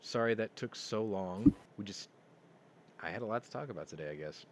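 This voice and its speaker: A man hosting a casual live-stream chat, rambling through stories and getting loud and excited as he tells them. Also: lowish voice, a little fast. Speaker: podcast host. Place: home room. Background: yard work outside.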